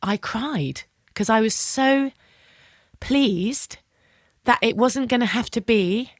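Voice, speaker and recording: Woman, podcast host, animated storyteller who acts out dialogue and swears casually; dry, close sound. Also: fairly high pitch, slow pace, dry recording. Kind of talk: lively personal storytelling in conversation.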